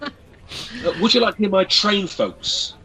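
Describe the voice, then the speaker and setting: A man's voice: high-pitched, very animated, a little slow, a crowd in the background, rough recording. An Englishman with an English accent, chatting jovially on a radio show, addressing listeners as folks and stumbling over his restarts. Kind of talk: casual radio chat.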